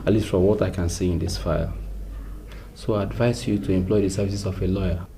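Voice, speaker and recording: A deep-voiced Nigerian police officer. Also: male voice, steady tone, fast, creaky, background noise. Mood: official. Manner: official, matter-of-fact. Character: stern official police officer, matter-of-fact. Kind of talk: Nollywood film acting.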